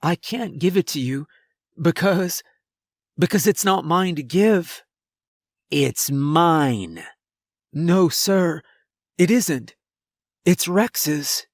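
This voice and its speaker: A man's voice: on the high side, expressive, very slow, pauses often, dry recording, clean studio sound, voice pushed up, exaggerated voice. A man voicing a frightened teenage boy who stammers and pleads in a horror story reading. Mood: pleading. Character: scared nervous teenage boy.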